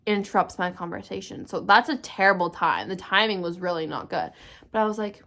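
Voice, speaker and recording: Speaking a little fast in a lowish voice, a young woman vlogger tells a candid personal story in a casual storytime video. She swears often and animatedly acts out what people said.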